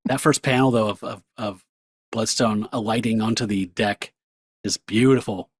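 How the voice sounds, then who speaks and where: A man co-hosting a comics podcast, casually recapping comic pages and speeding up in animated bursts. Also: lowish voice, moderate pace, breathy edge. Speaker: podcast co-host.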